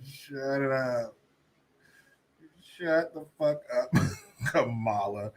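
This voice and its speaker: A man's voice: medium pitch, extremely slow, long pauses. A man doing a profane, mocking video commentary, casual and scornful. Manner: casual storytelling with fillers. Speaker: vlogger.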